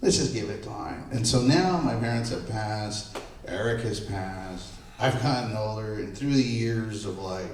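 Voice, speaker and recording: A man's voice: fairly low pitch, unhurried, slight background noise. A middle-aged man, a photographer speaking on a panel, telling anecdotes and acting out the voices of the people in them. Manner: animated, acts out quoted voices. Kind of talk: anecdotal storytelling at a live panel. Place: panel event room. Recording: echoey room, mic far off.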